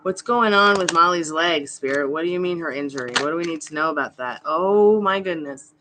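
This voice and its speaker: A woman's voice: low-pitched, a little fast, sharp tone, slight background noise. A woman hosting a live tarot reading stream, chatty and reassuring as she greets viewers by name. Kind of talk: casual live-stream chat.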